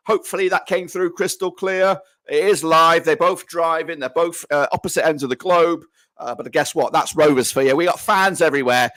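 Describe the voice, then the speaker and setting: A man's voice: fairly high pitch, fairly bright tone, dry recording. Chatty male fan-show host, dry sound. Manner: casual, chatty, upbeat sign-offs. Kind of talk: live-stream chat.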